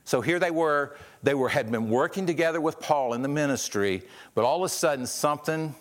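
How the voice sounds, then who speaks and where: A man preaching a sermon in a conversational way, often repeating and restarting words and rising in pitch when he stresses a point. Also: a little fast. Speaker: pastor.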